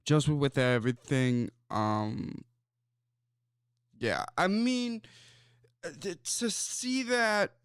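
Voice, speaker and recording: A man's voice: a little high, drawn-out words, pauses often, clear, resonant tone, no room sound, clean studio sound. A man with a Chicago accent hosting a sports talk show, rambling loosely with plenty of fillers and asides. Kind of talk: casual sports commentary chat.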